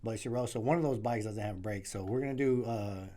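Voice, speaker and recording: A man's voice: lowish voice, a little fast, warm tone. A man co-hosting a podcast, telling a funny story in casual chat with lots of laughter. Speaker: podcast co-host.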